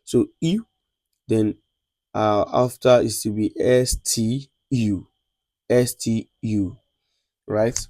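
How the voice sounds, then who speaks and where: Slow, low-voiced Nigerian man teaching. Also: steady tone, warm tone, no echo. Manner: repeats sounds slowly for students, checks they follow. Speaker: lecturer. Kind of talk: classroom lesson on French letters.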